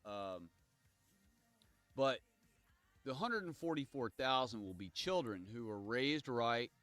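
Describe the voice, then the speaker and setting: A man's voice: medium pitch, animated, takes it slowly, a bit bright, no echo, soft background music. Man rambling on a solo livestream. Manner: meandering, digressive, reads viewer comments aloud. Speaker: livestream host.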